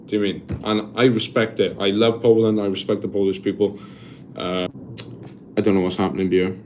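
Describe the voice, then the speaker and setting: A man's voice: fairly low pitch, little pitch movement, a little fast, darkish tone, slight background noise. A Welsh man in his twenties chatting on a live stream, reading out viewer comments and answering in a rambling way with many restarts. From Wales. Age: 20s. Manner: reads viewer comments aloud and answers them. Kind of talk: casual live-stream chat.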